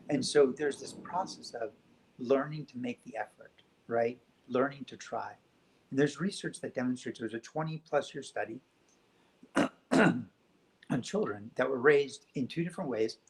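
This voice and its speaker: A man speaking as a guest on a spiritual talk show, telling stories in a gentle, reflective way. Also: mid-range voice, a little hiss or hum, poor audio.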